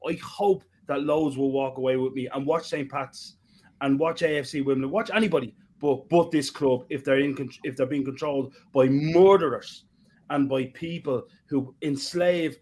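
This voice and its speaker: A man's voice: medium pitch, moderate pace, a little mellow. A man arguing passionately on a football podcast, emphatic and swearing. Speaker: podcast co-host. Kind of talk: heated football podcast debate.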